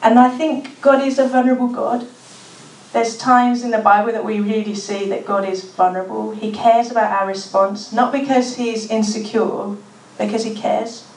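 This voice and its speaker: A woman's voice: a little high, a little mellow. Brummie woman speaker, chatty preaching style, recorded from across a reverberant room. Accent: Birmingham. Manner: chatty, informal, with frequent "like" and restarts. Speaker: speaker at a church gathering. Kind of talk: conversational talk on prayer. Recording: echoey room, mic at a distance.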